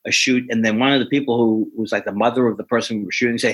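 A male comedian who tells a long, self-deprecating anecdote in a rambling way, often stopping and restarting his sentences. His voice is husky, bright and forward. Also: medium pitch, fairly even intonation, very fast. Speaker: stand-up comedian, guest. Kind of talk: anecdotal storytelling.

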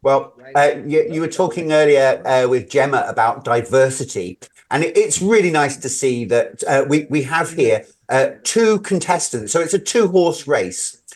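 A man's voice: fairly high pitch, animated, normal speed. A man with a South Welsh accent, a guest commentator on a radio talk show, speaking hesitantly with many restarts. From Wales. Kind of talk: casual radio interview.

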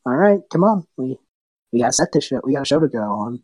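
A man voicing a kind, gentle male half-elf bard who talks in earnest, soft-spoken advice. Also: medium pitch, sing-song, fast, husky, dry recording, rough recording. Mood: warm.

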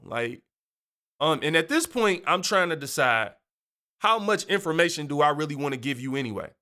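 Bright-voiced man telling a story. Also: a little high, normal speed. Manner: animated, chatty, laughs often, uses slang. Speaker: podcast host. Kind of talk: casual storytelling.

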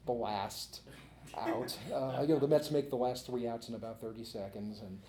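Middle-aged male author and interview guest, chatty and laughing storyteller; warm tone, echoey room. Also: medium pitch, moderate pace. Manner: chatty, laughs often, many "you know" fillers. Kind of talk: casual anecdotal storytelling. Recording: roomy echo.

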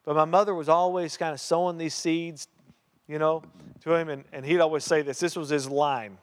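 Pastor, male, earnest storytelling sermon, slightly high voice, long reverb of a church hall. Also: fairly even intonation, moderate pace. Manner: storytelling, earnest, repeats key phrases.

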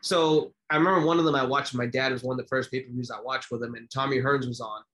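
A man's voice: mid-range voice, fast. A man in his thirties co-hosting a casual podcast, telling stories with lots of fillers and restarts. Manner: animated storyteller, many fillers and restarts. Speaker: podcast co-host.

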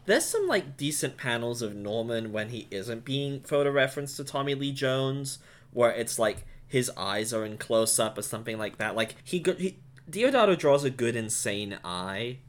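A man's voice: mid-range voice, expressive, moderate pace. A man co-hosting a podcast in casual chat, summarizing with wry, sarcastic jokes. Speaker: podcast co-host.

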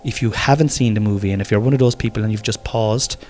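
A man's voice: lowish voice, fast talker, darkish tone. An Irish man ranting in a casual monologue, swearing freely and rambling with jokes. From Ireland. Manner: profane, rambling, joking. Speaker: vlogger.

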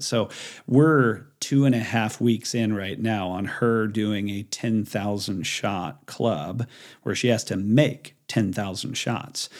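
A man's voice: on the low side, a little mellow. A man in his forties, a business owner, talking casually as a podcast guest, with a loose story-telling style full of restarts. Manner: rambling storyteller with many fillers and restarts. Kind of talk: casual interview talk.

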